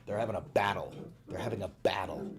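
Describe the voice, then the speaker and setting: A man ranting loudly and profanely while chatting on a live stream. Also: sits low, quick pace, slight background noise. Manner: loud, animated, profane, ranting.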